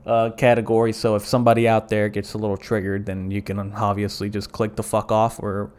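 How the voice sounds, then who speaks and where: Young male podcast host from the American South, lowish voice, swears freely, rambling comic monologue. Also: brisk. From southern United States. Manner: profane, rambling, jokey deadpan bits. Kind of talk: comedic solo podcast monologue.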